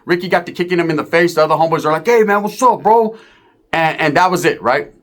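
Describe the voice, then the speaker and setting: A man's voice: on the high side, quick pace, a little hiss or hum. A man telling a profane street story, acting out the other people's voices. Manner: animated, profane, acts out voices.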